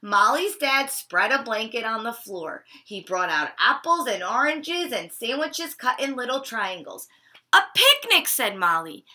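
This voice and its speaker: A woman reading a picture book to children at home, pausing to ask them questions about feelings. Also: fairly high pitch. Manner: asks children questions, expressive. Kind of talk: children's story time read-aloud. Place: living room at home.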